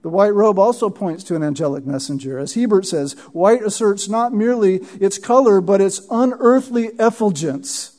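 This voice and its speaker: Man, pastor, sermon, high voice, mellow tone, teaching style, asks "right?". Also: moderate pace, hardly any pauses. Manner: teaching, repeats words when emphasizing, asks "Right?". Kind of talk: expository sermon.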